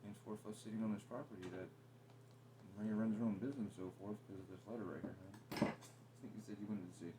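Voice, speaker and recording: A man with a lower voice talks at length in a casual but confrontational way. He is blunt and profane and rambles from point to point. Constant noise sits under the home recording. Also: fairly even intonation, fast. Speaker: partner in a home conversation. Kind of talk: casual heated conversation.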